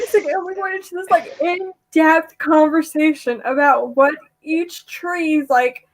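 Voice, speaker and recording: A young adult woman co-hosting a podcast, telling stories in a lively casual chat and laughing often. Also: sits high, a little slow, low-quality recording. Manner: animated storyteller, laughs often. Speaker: podcast co-host.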